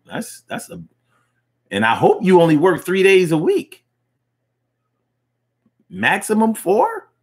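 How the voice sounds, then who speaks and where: Slangy husky-voiced man hosting a call-in show. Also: high-pitched, takes it slowly, pauses often. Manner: loose, slangy, animated reactions with repeats. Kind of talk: casual live show chat reading comments.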